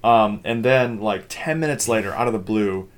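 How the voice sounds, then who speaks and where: A man's voice: on the low side, moderate pace. A young man from Minnesota, a podcast co-host, telling a rambling story in casual chat, swearing freely and using many fillers.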